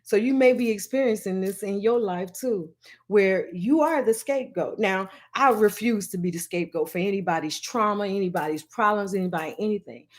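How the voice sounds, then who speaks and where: A woman telling a funny family story in a casual, animated vlog, swearing freely and slipping into the voices of the people she quotes. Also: medium pitch, fairly quick.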